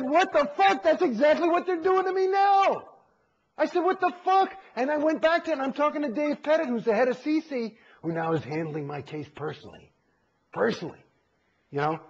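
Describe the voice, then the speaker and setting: A man's voice: high-pitched, gravelly, highs cut off, slight background noise. A middle-aged man giving an interview, talking candidly and profanely, acting out quotes as he tells his story. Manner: profane, animated, acts out quotes. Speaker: interview guest.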